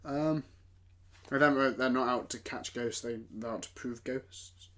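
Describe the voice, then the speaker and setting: Young male co-host, bright, tense tone, loose and chatty with frequent fillers. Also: medium pitch, fairly even intonation, unhurried. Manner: chatty, lots of fillers, mimics characters. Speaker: podcast co-host. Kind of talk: casual film discussion.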